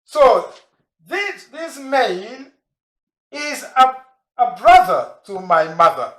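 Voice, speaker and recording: A man gives a patient language lesson, going over each word again and again. He speaks very slowly, with many pauses and restarts. His voice rings in a roomy, echoey space. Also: very high-pitched, big pitch swings, fairly bright tone. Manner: slow, repeats and spells out words; frequent restarts and fillers. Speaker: language teacher. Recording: echoey room.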